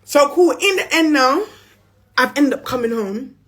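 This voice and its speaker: London girl on a phone live, high-ish voice, swears a lot, blunt slangy storytelling. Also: unhurried. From England. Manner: blunt and profane, slangy, animated with bursts of laughter. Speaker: influencer on a livestream. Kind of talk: storytime on a livestream.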